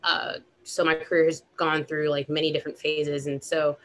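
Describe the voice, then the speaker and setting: Panel speaker: woman, low monotone voice, measured and thoughtful. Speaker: nude model on a panel. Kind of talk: panel discussion.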